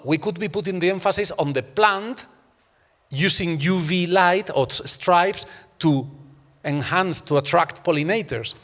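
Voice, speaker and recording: A man's voice: on the high side, fairly bright tone, long reverb tail. A man in an academic panel discussion, arguing emphatically and using many rhetorical questions.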